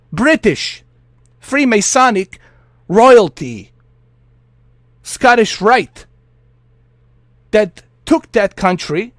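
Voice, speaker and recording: Heated man ranting, high lively voice. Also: dry recording, studio quality. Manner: heated, profane, repetitive ranting. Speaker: streamer. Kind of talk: ranting monologue over a flight sim.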